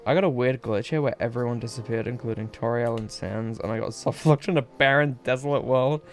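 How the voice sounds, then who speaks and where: A young man commentates his game stream in a loose, joking way, swearing freely and slipping into playful voices when he reads the characters' lines. Soft music plays quietly behind his voice. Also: mid-range voice, brisk.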